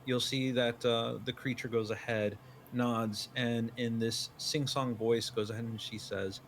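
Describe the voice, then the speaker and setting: A man's voice: mid-range voice, little pitch movement, measured pace, a bit bright, a little hiss or hum. A man narrating as game master, describing the scene in second person with many fillers.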